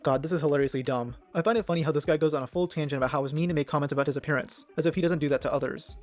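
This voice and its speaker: A man's voice: fairly high pitch, fairly even intonation, rapid-fire, faint music behind. A man narrating a commentary video in a snarky, judgmental tone.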